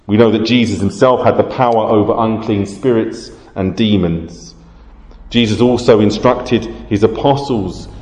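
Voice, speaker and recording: A man preaching a sermon, explaining scripture in a measured way. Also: lowish voice, a little mellow. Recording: roomy hall reverb.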